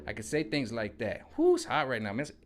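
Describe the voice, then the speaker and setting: A man's voice: medium pitch, wildly swooping pitch, fast talker, slight background noise. A man venting in a casual, rambling monologue full of slang and repeated catchphrases, recorded at home on a hot day. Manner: rambling, slangy, repeats "you know what I'm saying". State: sweating in the heat. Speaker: vlogger. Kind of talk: casual political rant.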